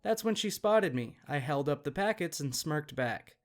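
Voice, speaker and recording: A man reading out a written story as the channel's narrator, in an even, matter-of-fact way. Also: a little high, moderate pace. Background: faint guitar music.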